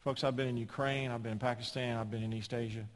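Emphatic preacher with a ringing hall reverb. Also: male voice, medium pitch, flat delivery, fast. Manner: emphatic, rising to loud peaks, with folksy humor. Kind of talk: sermon.

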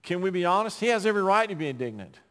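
A man's voice: high voice, very animated, very fast. Preaching man in a reverberant hall. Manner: preaching with swings from loud emphasis to quiet asides. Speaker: pastor. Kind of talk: sermon.

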